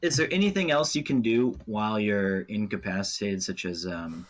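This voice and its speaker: A man's voice: on the low side, moderate pace. A man playing a tabletop game, chatting casually and joking with the game master. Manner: joking, playful. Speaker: player.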